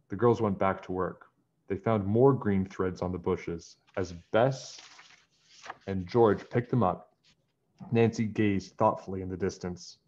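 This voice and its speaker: Male reader, children's storybook narration, low voice, dull lo-fi sound. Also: fairly even intonation, unhurried, a little mellow. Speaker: narrator reading a children's book. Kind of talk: children's book read-aloud.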